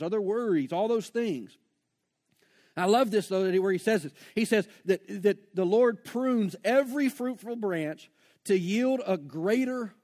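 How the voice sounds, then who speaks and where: A man preaching a conversational sermon to a congregation, slowing down to stress key phrases. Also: high voice, a little mellow. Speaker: pastor. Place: church before a congregation.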